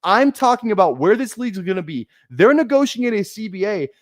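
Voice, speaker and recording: A man's voice: sits high, sing-song, brisk, no echo, studio quality. A man streaming a fantasy football draft, ranting heatedly at his chat with lots of swearing and repeated phrases. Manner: heated, profane, repeats himself. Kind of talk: ranting live stream commentary.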